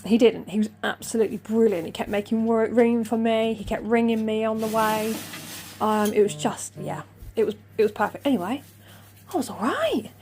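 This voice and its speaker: A woman's voice: fairly high pitch, little pitch movement, fairly quick, darkish tone. A middle-aged woman telling a long personal story in a casual, rambling, self-deprecating way, acting out her own remarks. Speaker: vlogger.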